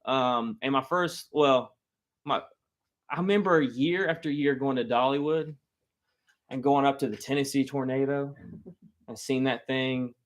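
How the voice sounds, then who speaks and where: A man telling a funny personal story to a live audience, animated and self-mocking. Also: mid-range voice, unhurried, pauses often. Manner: animated, self-mocking, acts out loud quoted lines.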